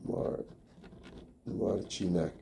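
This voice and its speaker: Soft-spoken man in his fifties. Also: drawn-out words, background noise. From New York. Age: 50s. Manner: chatty, soft-spoken, often trailing off quietly. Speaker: live streamer. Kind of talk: casual live-stream chat, reading viewer comments. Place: family home, indoors.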